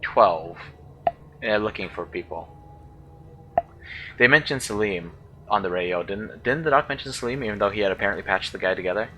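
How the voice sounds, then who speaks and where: A man with a low voice and a bright, forceful tone, talking through a game as he plays. He thinks aloud and hesitates, puzzling over how to say unfamiliar words. A faint hiss of noise sits behind him. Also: brisk, long pauses, poor audio. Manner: thinking aloud, unsure, musing over pronunciations. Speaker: let's play gamer. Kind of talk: casual gameplay commentary.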